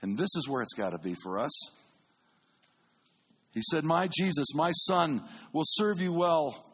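A man preaching from the pulpit with a husky, slightly rough voice. He tells stories with animation, dropping low and soft, then climbing to booming calls. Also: unhurried. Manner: animated, swings between booming and hushed. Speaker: pastor. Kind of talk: sermon storytelling.

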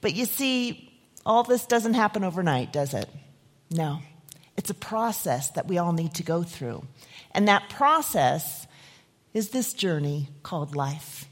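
A woman delivers a devotional message with dramatic, expressive phrasing. Her voice is breathy and swings widely in pitch. She sometimes drops to a near whisper for effect. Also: a little slow. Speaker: devotional speaker. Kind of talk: devotional message and poem recital.

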